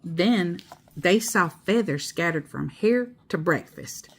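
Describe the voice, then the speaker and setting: Slow expressive woman reading a storybook. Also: on the low side, slight background noise. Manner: slow, expressive, laughing asides. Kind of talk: reading a children's book aloud.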